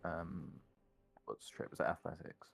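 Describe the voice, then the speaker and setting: A man with a very low, gravelly voice, playing a tabletop game. He talks slowly and thinks his moves through aloud, unsure of the rules. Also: background noise. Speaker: player. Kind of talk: casual tabletop game chat.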